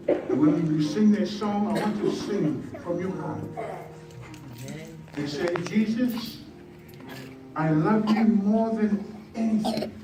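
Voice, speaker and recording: Emphatic preacher in an echoing hall. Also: male voice, sits high. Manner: emphatic, rising and falling storytelling. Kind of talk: revival sermon. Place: large church hall. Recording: echoey hall from far off with music.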